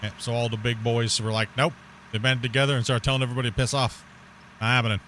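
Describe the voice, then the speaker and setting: A man's voice: medium pitch, little pitch movement, racing, fairly bright tone, a little hiss or hum. A man chatting casually while streaming live gameplay, rambling, laughing often and swearing casually.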